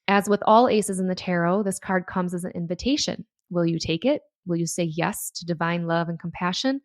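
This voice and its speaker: A woman hosting her own podcast, chatting excitedly and reading tarot passages aloud. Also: on the low side, brisk, no room sound, studio quality. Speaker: podcast host. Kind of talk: casual solo podcast talk.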